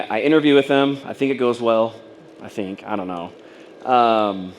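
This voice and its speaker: A man's voice: medium pitch, a little hiss or hum. A man telling a personal story to a room of fellow business owners, rambling and casual, acting out what people said. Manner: rambling and casual, full of fillers and acted-out quotes. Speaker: speaker at a business training event. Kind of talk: personal story told to an audience.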